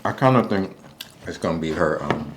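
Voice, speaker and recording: A man co-hosting a casual reality TV recap, animated and slangy, jumping into a high voice to act out quotes. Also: moderate pace, noisy background. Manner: informal, slangy. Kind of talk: casual recap chat over a meal.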